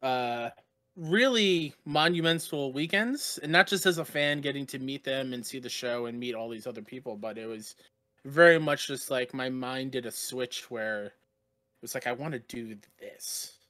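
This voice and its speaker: A man's voice: medium pitch, normal speed, a bit bright, no echo. A man talking as a guest on a podcast, earnest and heartfelt, from Long Island, New York. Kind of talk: casual podcast chat.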